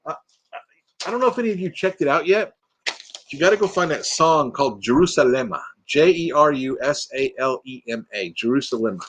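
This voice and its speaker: A retired man hosts a casual livestream from inside his RV. His voice is a bit higher than most men's, and it rises and falls a lot as he chats. He is playful and easygoing, joking as he reads viewer comments aloud. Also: animated, brisk, fairly bright tone, a little hiss or hum. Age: retired, middle-aged or older. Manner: chatty and playful, reads out names and jokes, hums tunes. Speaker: livestream host. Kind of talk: casual live chat reading viewer comments.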